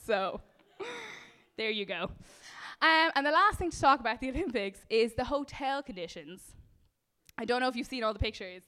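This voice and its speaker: A woman's voice: a little high, a bit bright, clean tone. A young Irish woman riffing as a panelist on a comedy panel show, rambling and self-mocking, giggling at her own jokes. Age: young adult. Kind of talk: improvised stand-up comedy.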